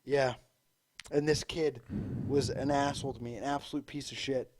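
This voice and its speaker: A man's voice: mid-range voice, fairly even intonation, moderate pace, noisy background. A young man telling blunt, offhand stories from his childhood in casual podcast chat, joking and using fillers. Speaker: podcast co-host.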